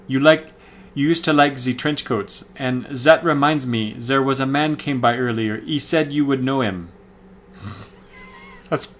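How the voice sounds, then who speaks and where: A man's voice: lowish voice, a bit bright, a little hiss or hum. A man giving a casual, rambling spoken review of comics, full of fillers and self-corrections.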